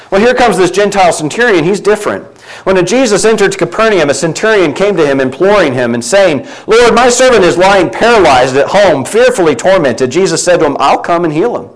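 A man preaching a sermon, reading scripture aloud and swinging between loud emphatic lines and quiet low ones. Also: low-quality recording.

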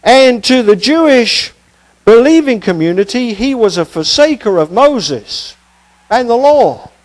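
Man, preacher, sermon, high voice, very animated pitch, chatty asides. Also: a little slow, low-quality recording. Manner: conversational, asides and rhetorical questions. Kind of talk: expository sermon.

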